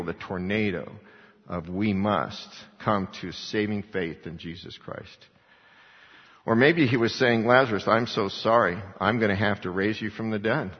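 A man's voice: on the low side, breathy edge. A man preaching a sermon, reading scripture aloud and asking the congregation rhetorical questions. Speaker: pastor. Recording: dull lo-fi recording in a reverberant hall.

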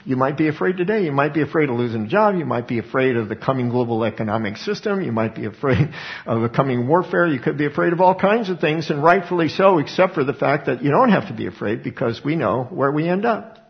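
Middle-aged male pastor, gravelly voice, chatty stop-start preaching, dull lo-fi sound. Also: fairly high pitch, expressive, fast. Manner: conversational preaching with repeated word restarts. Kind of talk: sermon. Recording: dull lo-fi recording.

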